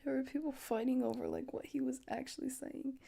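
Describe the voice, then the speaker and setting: Brief: young woman streamer, playful hushed chat, mellow dark tone. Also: high-pitched, steady tone, a little fast, gravelly, husky. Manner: playful, teasing, laughs often. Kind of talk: casual chat, often whispered.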